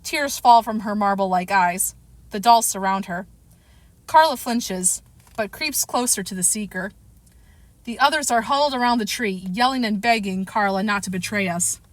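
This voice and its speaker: A woman's voice: mid-range voice, normal speed, dry recording. A woman narrating a first-person audiobook chapter, reading expressively and now and then correcting herself. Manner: expressive storytelling, occasional self-corrections.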